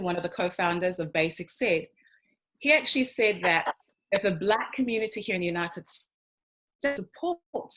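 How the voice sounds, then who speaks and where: A South African woman lectures to an online audience in a medium-pitched voice, and the recording quality is low. She is emphatic and lively, speaking straight to her listeners and calling them ladies and gents.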